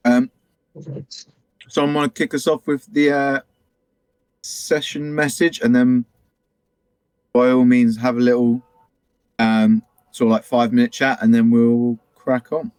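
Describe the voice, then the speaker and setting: A man running a tabletop game, talking in a relaxed, hesitant way with many fillers. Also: mid-range voice, a little slow, long pauses, clean tone, no room sound. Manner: laid-back, hesitant with fillers. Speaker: game master. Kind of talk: casual chat.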